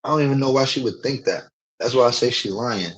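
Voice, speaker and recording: A man's voice: mid-range voice, fast, poor audio. Profane, ranting man streamer. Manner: profane, emphatic, repetitive fillers. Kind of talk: heated casual rant.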